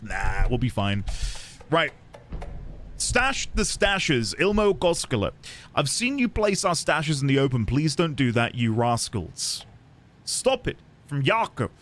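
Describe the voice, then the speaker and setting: A man's voice: a little high, fairly bright tone. A man streaming a game, musing aloud playfully as he reads notes and explores. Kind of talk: let's-play commentary.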